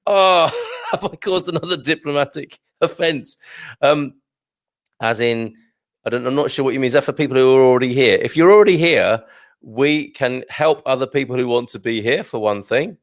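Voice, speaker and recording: British male livestream host, gravelly, rambling and self-mocking with frequent chuckles, dry close sound. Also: mid-range voice, normal speed, no room sound. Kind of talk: casual livestream chat reading viewer comments. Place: small studio.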